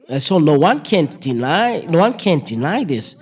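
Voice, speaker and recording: A man whose first language is not English, teaching from the Bible in a halting, repetitive way with many fillers and restarts. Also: high voice, very animated. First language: Malagasy or French. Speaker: preacher. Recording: dull lo-fi sound.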